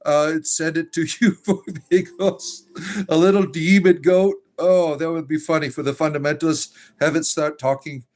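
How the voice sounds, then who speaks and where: At a normal speed and in a steady tone, a man with a somewhat high, slightly mellow voice hosts a pagan spirituality livestream. His replies to comments are casual yet combative, rambling and full of asides and fillers.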